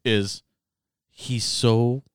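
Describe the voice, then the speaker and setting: Guy on a podcast, smooth voice, kinda reflective, swears a lot, dry sound. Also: very slow, no room sound. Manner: reflective, swears casually, rises in pitch when excited. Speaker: podcast participant. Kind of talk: casual podcast chat.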